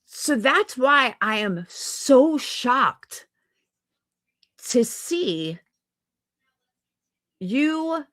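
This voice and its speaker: A woman's voice: high-pitched, very animated, very slow, pauses often, fairly bright tone, no echo. A woman streamer venting in an angry, profane rant on a livestream. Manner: heated, profane, repetitive venting. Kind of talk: angry ranting livestream commentary.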